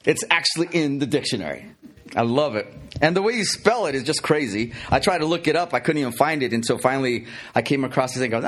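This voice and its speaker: Chatty, animated male pastor. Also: medium pitch, quick pace. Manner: chatty, many fillers and restarts, playful. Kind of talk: conversational sermon.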